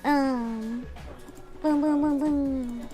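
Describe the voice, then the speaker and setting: A woman streaming a video game in casual chat, excitable, often shrieking, laughing and swearing. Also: sits high, very slow. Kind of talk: casual gaming livestream. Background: game music.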